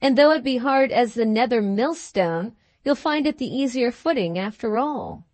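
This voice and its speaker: Woman reading as a boastful hearty young husband, blustering and teasing, a little high, dry sound. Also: lively intonation, normal speed, darkish tone, no room sound, lightly acted. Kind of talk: storybook dialogue.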